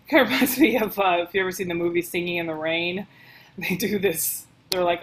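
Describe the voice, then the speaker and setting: A book editor reads passages aloud and thinks out loud about them in a casual, chatty way. She has a mid-range voice and a moderate pace, and the audio is poor.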